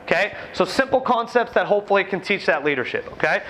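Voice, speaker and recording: Bright, high-voiced man coaching basketball. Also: animated. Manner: brisk, commanding, calls out quick drill instructions. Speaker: basketball coach running a clinic. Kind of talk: on-court coaching demonstration. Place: indoor gym.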